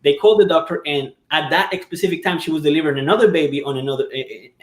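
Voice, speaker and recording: A man in casual chat recounting his daughter's birth, an animated storyteller who often breaks into laughter. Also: on the high side, very fast, reverberant.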